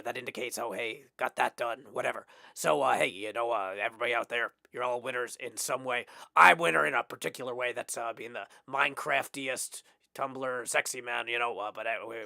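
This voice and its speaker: A man's voice: medium pitch, a little fast, gravelly, few pauses, pushed and bright, no echo, pitched below the performer's own voice. A man putting on a drawling cowboy voice for a rambling mock victory speech, full of hesitant "uh" fillers. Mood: folksy. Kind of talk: mock acceptance speech on a livestream.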